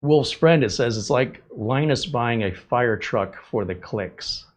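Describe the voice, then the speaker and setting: Speaking slowly at a medium pitch, a man hosts a live tech stream. He responds to viewer chat with blunt sarcasm and lively asides, playing the role of tech show host.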